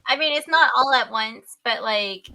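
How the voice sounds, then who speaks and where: Speaking a little high and at a moderate pace, this young woman is a podcast guest spinning a story in lively, casual conversation. Frequent laughter and loud squeals punctuate her retelling as she acts out how she reacted.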